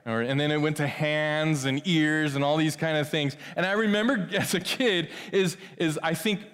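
A man's voice: fairly high pitch, moderate pace, smooth. Man preaching in a reverberant church hall. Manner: conversational, swings from loud emphasis to hushed. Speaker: pastor. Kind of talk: sermon. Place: church sanctuary.

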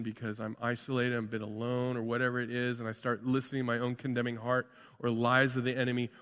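A male pastor preaching a sermon, moving between loud, excited preaching and quiet, intimate tones. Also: medium pitch. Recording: long hall reverb.

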